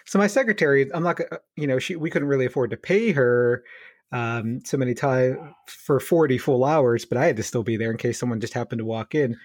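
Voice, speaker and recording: A man co-hosts a casual podcast and tells a story with lively energy, slipping into quoted dialogue and laughing as he goes. His voice sits at a middle pitch, and the recording is dry and close, with no room echo. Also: a little fast. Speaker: physiotherapist podcast co-host.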